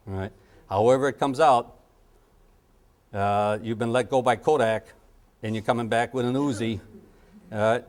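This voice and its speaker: A middle-aged man teaching a parenting training session, joking and acting out little scenes as he goes. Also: mid-range voice. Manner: animated, jokey, acts out little scenes and sound effects. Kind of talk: lively training lecture.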